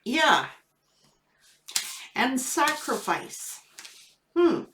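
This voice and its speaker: Slow-talking tarot reader woman, echoey room. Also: high voice, noisy background. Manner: laughing, animated storytelling. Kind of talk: casual tarot reading vlog.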